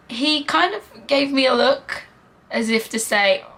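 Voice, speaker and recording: A young British woman of nineteen speaks with a British accent in a casual storytime vlog. Her voice sits a little high, and she talks earnestly, with fillers and quoted dialogue along the way. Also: measured pace, a bit bright. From Britain. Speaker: vlogger.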